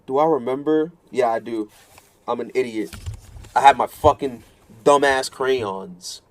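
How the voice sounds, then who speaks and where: Profane rambling male streamer. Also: medium pitch. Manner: rambling, profane, self-mocking storytelling; keeps repeating himself in exasperation. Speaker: fighting game streamer. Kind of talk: casual live-stream chat.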